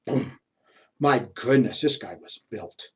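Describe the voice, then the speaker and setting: A man's voice: mid-range voice, slow pace. Man, history lecturer, classroom talk, chatty anecdotes, frequent chuckles, mid-range voice. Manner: chatty storytelling, chuckles often.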